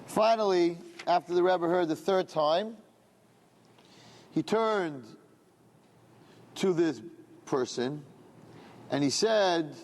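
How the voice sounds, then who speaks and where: A man, a rabbi, telling a story in a lively, animated way, acting out the people in it. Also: a little high, slow pace, long pauses. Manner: animated storyteller, acts out voices. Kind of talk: storytelling talk. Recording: long hall reverb.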